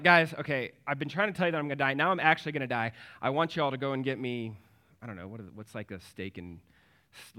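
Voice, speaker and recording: A man's voice: on the high side, a bit bright. A man in his thirties, a pastor, preaching a sermon and telling a family story, acting out the voices in it.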